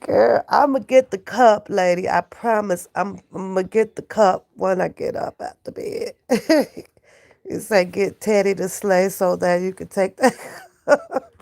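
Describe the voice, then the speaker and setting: Gravelly, slow-talking sick woman vlogger. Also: medium pitch, a little mellow. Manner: profane, laughing, bantering with chat. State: sick with a cold. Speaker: vlogger talking to live chat. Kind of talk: casual live-stream chat. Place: in bed at home.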